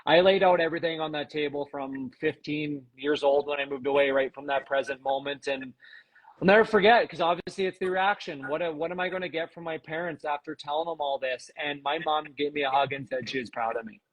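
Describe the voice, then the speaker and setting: A man guest on a podcast, telling a personal story earnestly and with emotion, often pausing with "um". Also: on the high side, lo-fi sound. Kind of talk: casual conversation.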